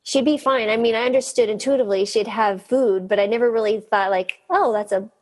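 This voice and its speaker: A middle-aged woman doctor telling lively stories in an interview, laughing often and mimicking the people she quotes. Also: a little high, fast talker. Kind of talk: storytelling in an interview.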